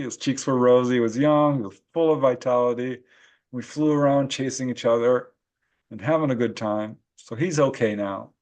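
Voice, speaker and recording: A man with a mid-range voice, a paranormal researcher and author, tells stories in a casual interview as a guest. He's animated and laughs often while recalling his experiences.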